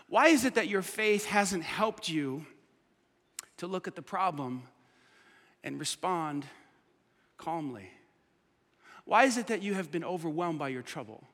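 A pastor delivers a casual, conversational sermon in a church, his voice very high and bright. He swings from loud urging to hushed asides. A long reverb trails every phrase. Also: big pitch swings, measured pace, long pauses.

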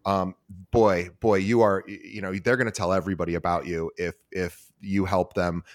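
A man's voice: low-pitched, normal speed, no echo, studio quality. A man hosting an interview, chatting casually and acting out quoted lines with lots of stammered restarts. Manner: animated storyteller who acts out quoted lines, stammers on restarts. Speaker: podcast host.

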